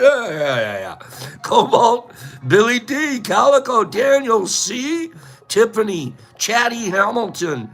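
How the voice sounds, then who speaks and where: A man hosting a casual livestream, playfully rambling through shout-outs to viewers by name. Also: very high-pitched, big pitch swings, slow, soft background music. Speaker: livestream host. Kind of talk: casual livestream chat, reading out viewer names.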